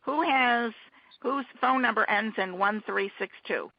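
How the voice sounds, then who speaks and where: A woman hosting a teleconference casually, talking haltingly with many restarts and fillers over a muffled conference-call line. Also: a little high, breathy edge, no room sound.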